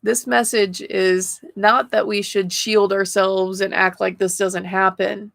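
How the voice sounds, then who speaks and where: A woman's voice: mid-range voice, level tone, takes it slowly, gravelly, fairly bright tone, dry recording, clean studio sound. A woman hosting a spiritual livestream, chatting casually with viewers while she reads oracle cards and laughs often. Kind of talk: casual live chat reading oracle cards.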